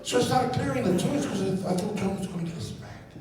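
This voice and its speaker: A man with a high voice tells a stand-up story, animated and playful as he acts out scenes. He sounds far from the mic in a very echoey space. Noise sits behind him. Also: fairly quick. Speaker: stand-up comedian.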